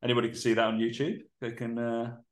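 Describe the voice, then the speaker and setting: A man's voice: mid-range voice, completely flat delivery, fast talker. A young man co-hosting a podcast in loose, chatty banter, swearing and laughing often. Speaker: podcast co-host.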